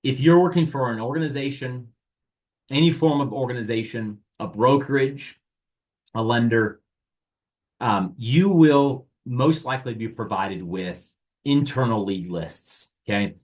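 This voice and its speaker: A man's voice: medium pitch, a little slow, darkish tone. A man teaching an online sales training, speaking energetically straight to his audience and often asking rhetorical questions. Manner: asks rhetorical questions and plays both sides.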